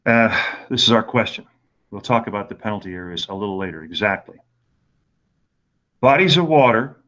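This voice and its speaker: An older man in his sixties leads a golf rules webinar over a video call, pausing often and filling gaps with ums. His voice sits fairly low. The audio is dull and lo-fi. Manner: relaxed, halting, lots of fillers. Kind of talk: webinar lecture with anecdotes.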